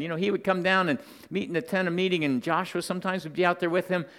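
A man's voice: sits high, lively intonation, a little fast, hardly any pauses, fairly bright tone. A man preaching a Sunday morning sermon as pastor, talking conversationally, telling stories and checking in with his listeners. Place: church sanctuary. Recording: long reverb of a church hall.

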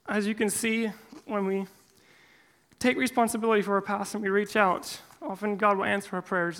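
Speaking to a church men's group, a man reads a personal letter aloud, then addresses the group in an earnest, heartfelt way. His voice sits high and sounds a bit bright.

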